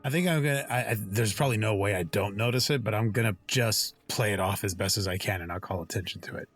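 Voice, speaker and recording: A man's voice: fairly low pitch, fast, a bit bright, soft background music. Easygoing man playing a tabletop game. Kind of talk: casual in-character game talk.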